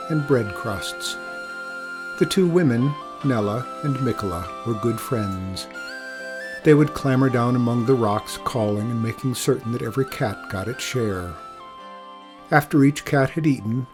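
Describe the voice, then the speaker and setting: Male storyteller, mid-pitched, emphatic read-aloud over soft music. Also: breathy edge. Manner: expressive, emphatic reading. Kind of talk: reading a children's storybook aloud.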